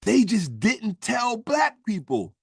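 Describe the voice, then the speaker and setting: A man's voice: sits high, huge pitch swings, slow, gravelly, breathy edge, dry recording, clean studio sound, full character voice. A man voicing a cocky little male bird who hurls crude insults in a taunting way.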